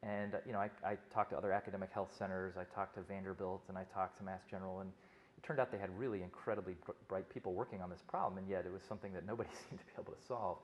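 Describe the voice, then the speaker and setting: A man's voice: low voice, fairly even intonation, very fast. A middle-aged male physician giving a conference talk, telling stories conversationally with frequent restarts.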